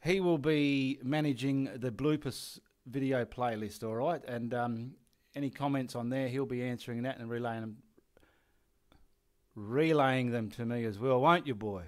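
A middle-aged Australian man with a mid-range voice talks a little slowly, chatting casually behind the scenes as he paints and gives directions. He swears freely, cracks jokes, and mutters instructions to himself.

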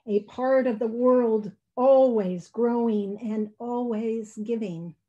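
A nurturing willow tree from a storybook that murmurs, read by a woman. The voice is mellow and warm, and the pace is slow. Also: fairly high pitch, lo-fi sound. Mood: tender.

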